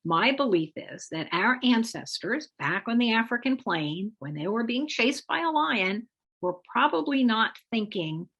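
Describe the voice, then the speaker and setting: Husky-voiced woman teaching calmly. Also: a little high, muffled recording. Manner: measured, explanatory delivery with occasional lively emphasis. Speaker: parenting coach presenting a webinar. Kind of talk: instructional talk with demonstration phrases.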